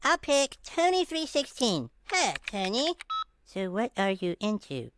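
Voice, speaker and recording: A man's voice: sits high, huge pitch swings, measured pace, a crowd in the background, full character voice. A man voicing a bratty, smug, scheming eight-year-old cartoon boy who whines and talks like a pompous grown-up. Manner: whiny and pompous, mock-grown-up. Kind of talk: cartoon voice acting.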